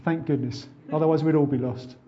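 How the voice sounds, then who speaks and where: A man preaching a sermon, asking rhetorical questions and building up to loud, fervent appeals. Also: fairly high pitch, steady tone, fairly quick, highs cut off.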